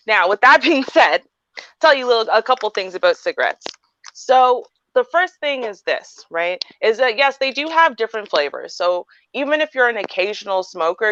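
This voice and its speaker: A woman's voice: mid-range voice, fairly bright tone, dry recording. A woman hosting a podcast in casual chat, explaining her points with emphasis, one by one. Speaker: podcast host. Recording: dry, dull lo-fi sound.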